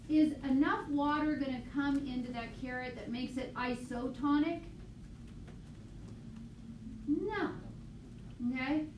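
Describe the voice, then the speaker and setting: A woman biology teacher lecturing a class, quizzing students with quick questions, recorded on a tablet mic across the classroom. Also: sits high. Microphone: tablet mic from across the room. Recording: echoey classroom, distant mic, faint noise.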